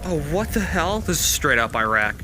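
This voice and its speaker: A man's voice: a little high, sing-song, moderate pace, over music. A man streaming a horror game, jumpy and swearing constantly, with nervous laughter. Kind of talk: live horror game commentary.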